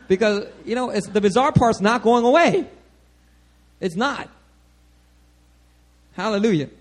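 A man with a notably high voice preaching a sermon. He teaches in a loose, animated way. He keeps checking in with the congregation as he goes. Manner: animated, checks in with "all right?" often.

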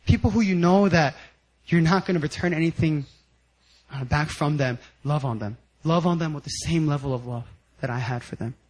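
A young man preaching a sermon, telling a personal story in a lively, animated way and often laughing as he talks. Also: fairly high pitch, normal speed. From United States. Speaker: pastor.

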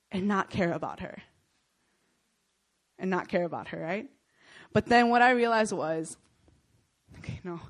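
Animated young woman preaching to students. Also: mid-range voice. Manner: animated storytelling, often checks in with "Okay?" and "Right?". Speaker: speaker at a Christian student gathering. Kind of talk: sermon.

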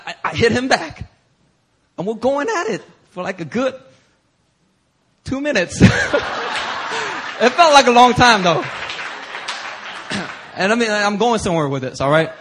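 A man pastor preaching a sermon through an animated story, acting out voices and bursting into shouts. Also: sits high, husky.

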